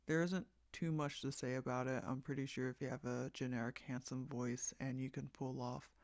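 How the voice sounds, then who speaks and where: An American man with a medium-pitched, flat voice talks at normal speed with no echo, rambling casually about the voice casting call he's running for a fan project. He meanders and hesitates, full of fillers, restarts and self-corrections.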